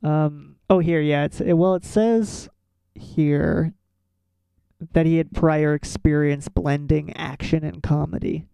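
A man co-hosting a casual chat about a film, relaxed and full of fillers like "like" and "um.". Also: a little high, takes it slowly, gravelly, clear, resonant tone, no echo. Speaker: podcast co-host.

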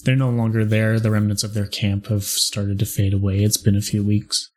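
Game master, male, low-ish voice, flat easygoing narration. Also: moderate pace. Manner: relaxed, self-described monotone narration. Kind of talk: running a tabletop game over a call.

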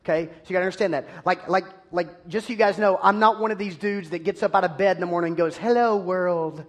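A man preaching a sermon, telling an animated, self-deprecating story about himself. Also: high-pitched, fast talker.

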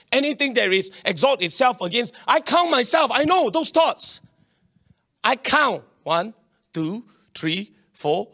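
Man, pastor, sermon, high voice, lively, acts out quotes. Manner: animated, acts out quoted voices, swings between loud and quiet.

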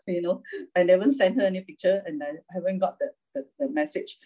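A woman's voice: lowish voice, animated, fairly quick, dark tone, poor audio. A woman preaching an informal sermon, chatty, laughing often and checking in with the listeners as she goes.

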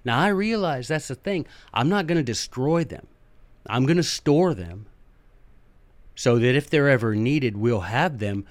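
A man hosting a storytelling podcast, chatty and joking as he retells history and drops into characters. His voice sits at a middling pitch and sounds close and dry. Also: lively intonation, a little slow, no room sound. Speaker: podcast host.

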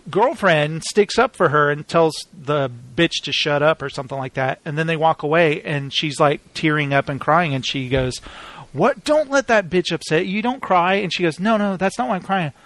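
A man with a fairly high-pitched voice chats casually about TV shows, rambling at length and animatedly acting out quoted lines. The recording is dry.

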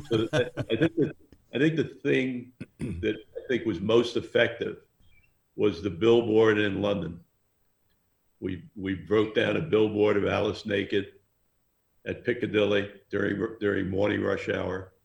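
Casting: low gravelly male storyteller, rambling anecdotes, roomy echo. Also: muffled recording. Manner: rambling, anecdotal, laughs often. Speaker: music manager guest. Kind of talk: casual storytelling interview.

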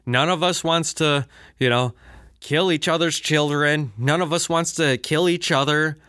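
A man rants through a solo podcast from his basement. He swears constantly and rambles, piling up fillers and asides. His voice sits a little high and sounds sharp and forceful, recorded dry and close. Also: unhurried, clean tone, no room sound. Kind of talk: profane ranting monologue. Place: home basement, alone.

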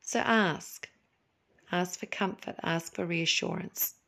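A podcast host leads a spiritual talk in a gentle, slow, soothing way, sometimes acting out little voices to make her point. Her voice is lowish, steady in tone and creaky.

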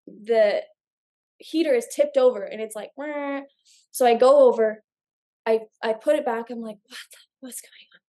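A young woman tells her story as a podcast guest, her voice sitting a little high. She talks in an animated, chatty way and fills her sentences with little filler words. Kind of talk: casual storytelling.

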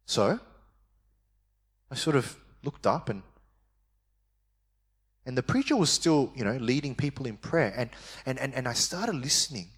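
A man preaching a sermon, telling a personal story in a lively way and acting out his younger self, then dropping to a quiet, slow voice at tender moments. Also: medium pitch, husky. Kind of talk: sermon testimony.

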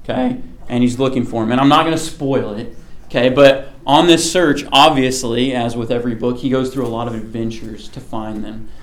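A man's voice: medium pitch, fairly even intonation, brisk. A man giving a casual sermon to a small group, chatty and often checking in with the listeners. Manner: chatty, keeps checking in with "okay?".

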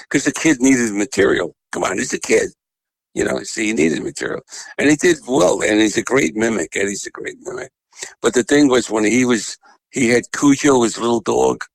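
A man's voice: on the low side, normal speed, gravelly, no room sound, low-quality recording. A man, a comedian telling profane showbiz stories as a guest. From Long Island, New York. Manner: salty, profane, animated yarn-spinning. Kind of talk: anecdotal storytelling.

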